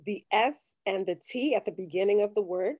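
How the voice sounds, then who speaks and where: A woman's voice: mid-range voice, moderate pace, darkish tone. A woman in an online session answering the teacher's questions tentatively, with frequent laughs. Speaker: participant. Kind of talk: casual chat. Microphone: online call.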